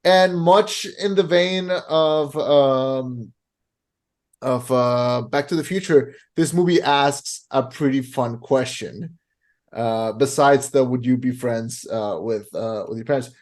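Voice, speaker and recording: A man co-hosting a podcast, chatting casually about a film and retelling its scenes in animated, rapid bursts. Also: medium pitch. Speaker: podcast co-host. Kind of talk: casual movie review chat.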